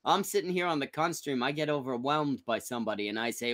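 A man's voice: mid-range voice, expressive, quick pace, a bit bright, dry recording. A man co-hosting a podcast, stammering and exasperated in casual chat. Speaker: podcast co-host.

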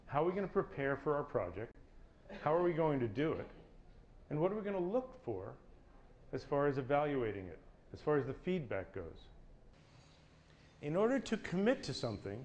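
A man's voice: fairly high pitch, a little mellow, a little hiss or hum. A man giving a talk to a live audience as a corporate speaker, leading them through hands-on exercises.

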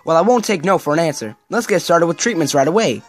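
A man's voice: on the high side, lively intonation, fast, soft background music, lightly acted. A man voicing a flamboyant, cheerful male archduke with a put-on southern drawl while reading game dialogue aloud. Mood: jovial. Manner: jolly, folksy, playful.

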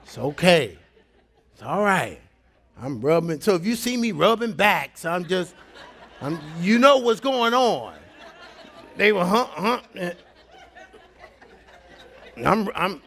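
Animated high-voiced male pastor preaching. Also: takes it slowly, creaky, pauses often, some chatter behind. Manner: animated preaching with dramatic hushed drops; storytelling with laughing asides. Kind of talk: sermon.

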